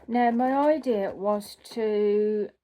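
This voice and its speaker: A woman's voice: mid-range voice, slow, mellow. A woman who runs a cross-stitch channel, chatting casually at home as she sorts through her craft kits, thinking aloud and correcting herself as she goes.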